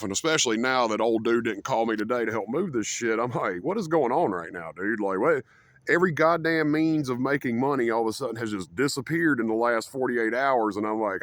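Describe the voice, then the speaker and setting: A man's voice: medium pitch, fairly bright tone, dry recording. A young man telling a rambling, profane story to camera as a casual rant. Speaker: vlogger.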